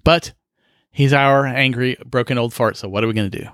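A man's voice: mid-range voice, a little fast, fairly bright tone, smooth, no echo, clean studio sound. A man in his fifties hosting a solo podcast, telling exasperated, profane stories with frequent laughs and sighs. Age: 50s. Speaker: podcast host. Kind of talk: casual solo podcast monologue.

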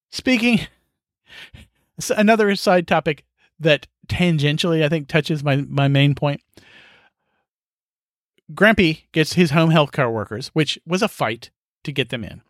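A man's voice: fairly high pitch, animated, slow, long pauses, no room sound, studio quality. A middle-aged man hosting a solo podcast, talking frankly and with exasperation, swearing freely, often sighing and laughing. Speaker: podcast host. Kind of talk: casual solo monologue.

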